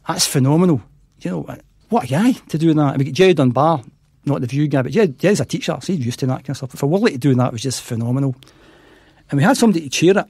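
Fast-talking husky Scottish man. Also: medium pitch, darkish tone, no echo, clean studio sound. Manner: acts out quoted dialogue in his stories. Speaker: podcast guest. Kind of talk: anecdotal storytelling.

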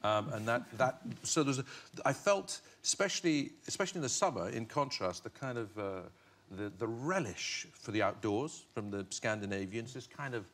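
A man's voice: medium pitch, lively intonation, moderate pace, a bit bright. Reflective middle-aged man from Northern Ireland. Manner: reflective, many restarts, laughs easily. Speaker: talk show guest. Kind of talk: chat show interview. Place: television studio.

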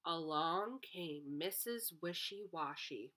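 A young woman teacher reads a picture book aloud to kindergarteners, her voice swooping up and down in a lively sing-song. She speaks slowly and warmly to the kids, and her tone is bright and clear. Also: fairly low pitch.

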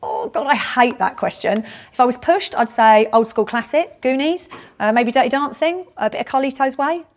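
Woman, South London accent, middle-aged, upbeat and chatty, somewhat high voice, interview answers. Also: expressive, normal speed. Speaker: head of graduate recruitment. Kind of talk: casual walk-and-talk interview.

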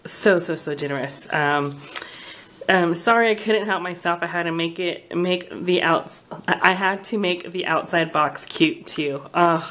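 A woman's voice: fairly low pitch, takes it slowly, a bit bright, slight background noise. A woman vlogger chatting casually at her kitchen table at home, gushing and flustered as she talks. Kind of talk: casual unboxing chat.

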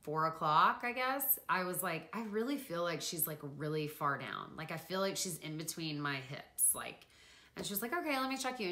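A young woman vlogger telling a personal story to camera in an animated, chatty way, full of fillers. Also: on the low side, roomy sound.

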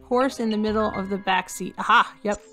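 A woman playing a hidden object game, talking to herself slowly as she searches for items. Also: mid-range voice, fairly even intonation, a bit bright. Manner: slow, musing, talks to herself while searching. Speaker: gamer. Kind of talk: casual let's-play commentary. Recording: faint music behind voice.

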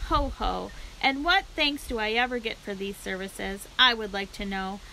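Grumpy sarcastic rat guy, lazy, whiny and mocking, bright voice, woman reader doing it. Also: mid-range voice, moderate pace, creaky, slight background noise, poor audio.

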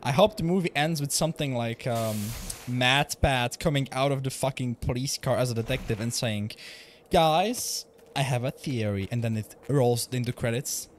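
A man's voice: medium pitch, normal speed, slight background noise. A young man streaming a video game from home, rambling casually, swearing and laughing often. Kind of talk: casual gaming livestream chat.

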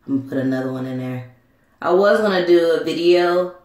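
A woman vlogger chatting casually to her viewers, excitable and frantic, exclaiming often. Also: deep voice, fairly quick. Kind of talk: casual vlog chat. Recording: echoey room.

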